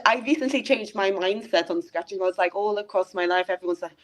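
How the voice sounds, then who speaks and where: A woman filmmaker as a podcast guest, talking in a lively, laughing way with quick asides. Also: medium pitch. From not from Britain. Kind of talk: casual podcast chat.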